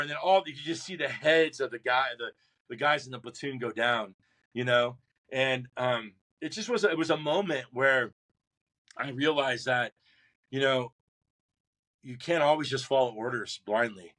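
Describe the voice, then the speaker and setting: A man's voice: mid-range voice, normal speed. A man telling a long personal story in a podcast interview, acting out the voices of others, often restarting his sentences. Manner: animated storyteller who acts out drill instructors and shouts his own replies; many restarts and repeated words. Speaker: guest, Marine veteran.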